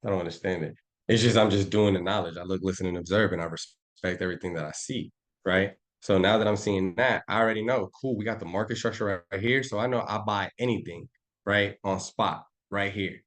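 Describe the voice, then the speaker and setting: Low-voiced man teaching with loose slang. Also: a little fast, fairly bright tone. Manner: rambling, slangy, talks to himself while charting. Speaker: trading instructor. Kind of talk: casual live screen-share class.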